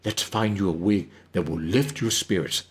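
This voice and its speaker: A man voicing an emphatic, caring woman who runs a wig shop, speaking firmly but gently with drawn-out emphasis. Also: low voice, lightly acted. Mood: grand, theatrical.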